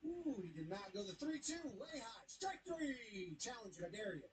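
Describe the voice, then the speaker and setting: A man casually recapping baseball highlights, joking and voicing the players as he goes. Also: normal speed, a crowd in the background. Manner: animated, jokey, voices the players.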